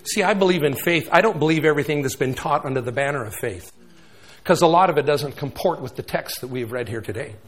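A man in his sixties preaching a sermon, swinging between loud emphatic bursts and hushed asides. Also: on the high side, quick pace.

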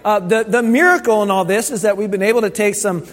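High-voiced pastor in a reverberant hall. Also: male voice, steady tone, fast talker. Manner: conversational storytelling, many restarts. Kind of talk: sermon.

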